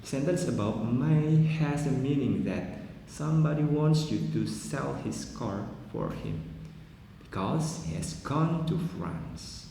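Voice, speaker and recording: A man whose first language is Indonesian, giving a pronunciation lecture in English, explaining slowly and deliberately with asides like "well, everyone". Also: medium pitch, expressive, vocal fry, warm tone. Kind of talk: recorded classroom lecture. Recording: echoey long-reverb room, faint noise.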